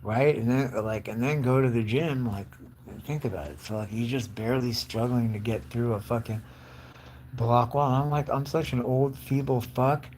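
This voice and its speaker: A man's voice: medium pitch, steady tone, moderate pace. Guy about to hit fifty, swearing nonstop and rambling, bit of hiss behind him. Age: 40s. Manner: crude, rambling, mimics voices loudly. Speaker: live streamer. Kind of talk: casual profane rant.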